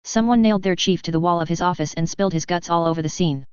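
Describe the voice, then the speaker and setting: A woman's voice: fairly low pitch, quick pace, a little mellow, clean tone, dry recording, lightly acted. A woman reading the lines of a large, horned, furry male creature who reports deferentially to his lord, on slightly dull lo-fi audio.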